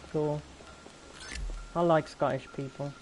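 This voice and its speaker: A man's voice: on the high side, fairly even intonation, takes it slowly, a little mellow, slight background noise. A young British man chatting casually while playing, rambling and answering his chat. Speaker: gaming YouTuber. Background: game music and gunfire.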